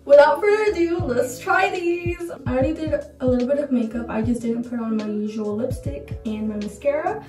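A young woman reviewing makeup on her vlog in a casual, gushing, excitable way. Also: high voice, brisk, faint music behind. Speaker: beauty vlogger. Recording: roomy echo, mic far off.

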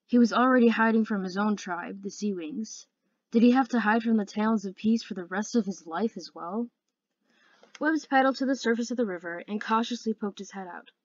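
An earnest woman reading a fantasy novel aloud at home, careful and steady, stumbling over a word now and then. Her voice sits at a middle pitch and sounds somewhat muffled and close, with a dry, echo-free sound. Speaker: audiobook reader. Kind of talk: amateur audiobook narration.

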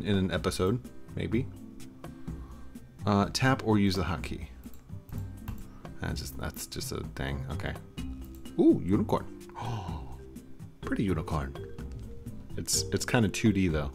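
A man's voice: low-pitched, very animated, moderate pace, pauses often, faint music behind. A young man hosting a gaming video, casually commenting on camera filters in a playful, rambling, self-mocking way. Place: warm home studio.

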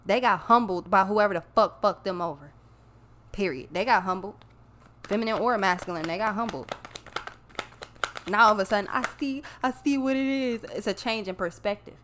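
A woman's voice: mid-range voice, moderate pace, long pauses, fairly bright tone. Blunt, profane woman reading tarot. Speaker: tarot reader. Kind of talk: casual tarot reading monologue.

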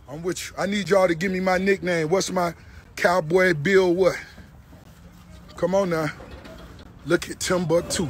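A middle-aged man chatting casually and excitedly outdoors on a farm, cooing affectionately at his animals and hyping them up in heavy slang. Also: sits high, a little hiss or hum. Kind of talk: casual hype chat. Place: outdoors on a large farm by a gate.

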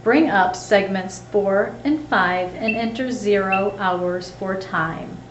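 A woman giving scripted, step-by-step instructional narration in a clear, measured way. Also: mid-range voice, echoey room, slight background noise, low-quality recording.

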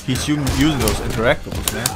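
A man giving casual, excitable, profane commentary while playing online ranked fighting-game matches. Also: mid-range voice, fast talker, very noisy. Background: fighting game music and sound effects.

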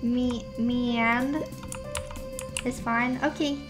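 A young woman with a high, unhurried voice chats playfully with her stream while she plays. She sounds sleepy and drops gamer slang. Game music runs steadily behind her, and keys click now and then. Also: fairly even intonation. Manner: chatty, playful, answers chat, gamer slang. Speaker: VTuber streamer. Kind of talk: casual gameplay chat.

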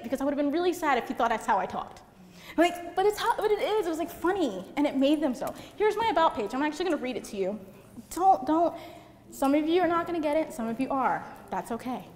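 A young woman giving a casual seminar talk, chatty and giggly, peppered with "like". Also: sits high. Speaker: seminar speaker. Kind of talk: casual presentation to an audience. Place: seminar room, on stage. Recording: reverberant hall with faint room noise.

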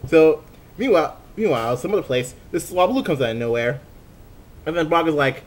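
A man narrates an improvised fan photo dub in a casual, rambling way, full of fillers and restarts. His voice sits fairly high and rises and falls a lot. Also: lively intonation, a little fast. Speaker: fan dubber, channel host.

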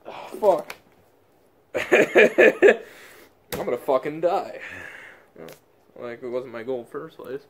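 A man's voice: mid-range voice, unhurried, dark tone. A man vlogging casually, swearing constantly with blunt running commentary. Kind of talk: casual self-filmed vlog.

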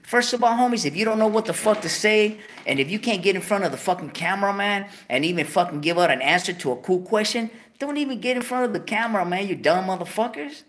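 A man's voice: sits high, expressive, fast talker, hardly any pauses, fairly bright tone. A man hosting his own show, ranting heatedly, swearing constantly and repeating himself. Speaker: host. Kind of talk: profane monologue rant.

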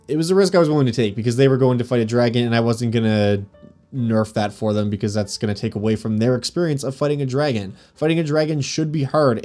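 A man working as dungeon master, casually recounting a tabletop game session with animated, laughing delivery. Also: mid-range voice. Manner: animated, laughing, frequent fillers. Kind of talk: casual game recap storytelling.

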